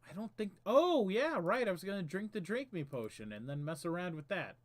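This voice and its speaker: A man's voice: sits high, very animated, brisk. A man hosting a casual game stream, chatting and reading game text aloud with small stumbles. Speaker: streamer host.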